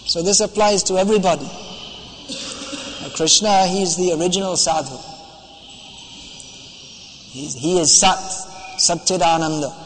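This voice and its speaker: A man with a high voice preaches a devotional lecture in a hall with a long echo. He is emphatic and scolding, quotes Sanskrit verse and drives his points home with insistence. A faint hum of ambience sits behind him. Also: fairly bright tone.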